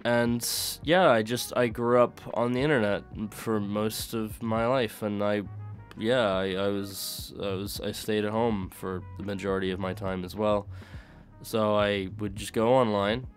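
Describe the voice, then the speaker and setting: Soft music plays behind a young UK-raised streamer as he talks with his live chat in a mixed accent that sounds American. He rambles, laughs and swears a bit, his lowish voice steady in tone and a little slow.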